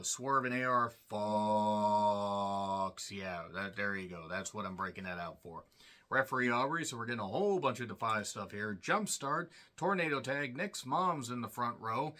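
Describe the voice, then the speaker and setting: A man talks through a wrestling episode in a loose, chatty recap. His voice is bright and sharp-edged. He swears freely and drifts into sarcastic asides. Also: mid-range voice. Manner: sarcastic, profane, rambling asides. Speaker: wrestling show reviewer. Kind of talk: casual recap commentary.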